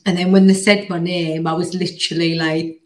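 A woman hosting a podcast, telling a story in an animated, casual way with plenty of "like" and the odd swear word. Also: lowish voice, fairly quick. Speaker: podcast host. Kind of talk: casual chat.

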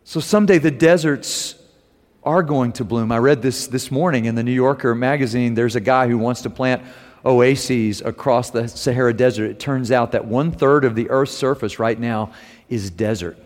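A middle-aged male preacher delivers a sermon in a church sanctuary, telling stories and lifting his voice loud on key phrases. The sound rings with a long hall reverb. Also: medium pitch, normal speed. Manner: animated storytelling, rising loud on key phrases. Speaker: preacher and homiletics teacher.

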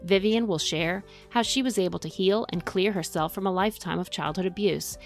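A woman's voice: fairly low pitch, fairly quick, faint music behind. A woman hosting a podcast, reading an enthusiastic introduction and then chatting with her co-host. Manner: enthusiastic, upbeat. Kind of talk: scripted introduction and casual podcast chat.

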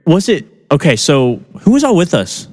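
A man's voice: a little high, sing-song, normal speed, a little mellow, big-room sound, soft background music. A young man co-hosting a podcast in casual chat, playful and laughing as he chimes in on stories. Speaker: podcast co-host.

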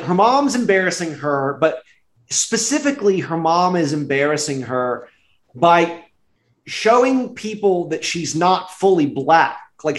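A man chatting loosely on a podcast, his voice a touch higher than most men's. He piles up fillers and restarts and breaks into laughter often. The recording has a roomy echo. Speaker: podcast co-host. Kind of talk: casual chat reviewing a movie.

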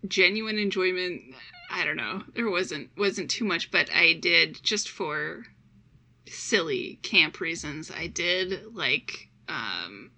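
A young woman co-hosting a casual podcast, talking in a chatty, halting way with restarts and laughs. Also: fairly low pitch, lively intonation, sharp tone. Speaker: podcast co-host. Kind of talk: casual chat.

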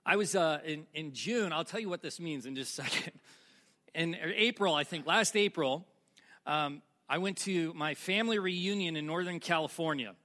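A man's voice: fairly high pitch, moderate pace, pushed and bright. A man preaching a sermon to a congregation, telling a personal story in a conversational way and asking the audience questions. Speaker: pastor.

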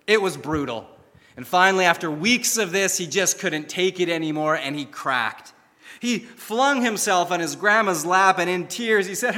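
Earnest preacher in an echoing hall. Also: male voice, sits high, very animated, normal speed, pushed and bright. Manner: earnest, emphatic storytelling. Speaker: pastor. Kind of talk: sermon.

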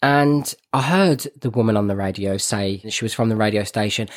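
A man's voice: fairly low pitch, fairly quick. A man with a Birmingham accent, a podcast co-host telling a story in casual chat, laughing often and mocking himself. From Birmingham, England.

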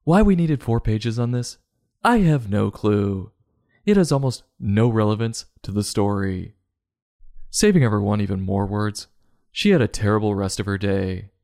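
A man's voice: lowish voice, lively intonation, normal speed, mellow, no room sound, studio quality. A man giving a comedic book review in a sarcastic, mocking tone.

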